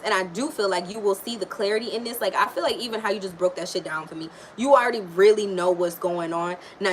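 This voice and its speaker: A woman's voice: medium pitch, slight background noise. Woman tarot reader, live stream, mid-range voice, blunt and profane, chatty big-sister energy. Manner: frank, profane and chatty, talking straight to a viewer. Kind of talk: casual live tarot reading.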